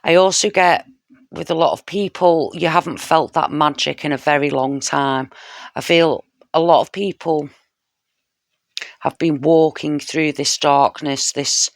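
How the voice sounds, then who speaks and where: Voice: medium pitch, steady tone, a little slow, no room sound, clean studio sound. A tarot reader giving a casual spoken reading straight to the viewer, heartfelt and intimate, often checking in with "you know" and "yeah?".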